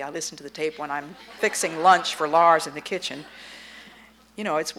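Earnest woman preaching, low voice. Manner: earnest, animated storytelling with acted-out dialogue. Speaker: Christian speaker. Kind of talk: sermon talk to a women's audience.

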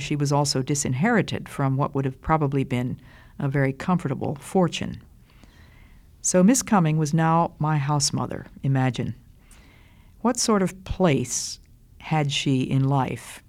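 Older woman, slow and deliberate, earnest christian teaching talk. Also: low-pitched, darkish tone. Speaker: Christian speaker.

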